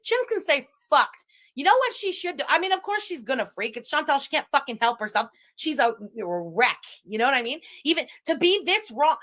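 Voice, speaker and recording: A woman's voice: a little high, fairly bright tone. A woman rambling casually in a played stream clip, emotional and swearing freely.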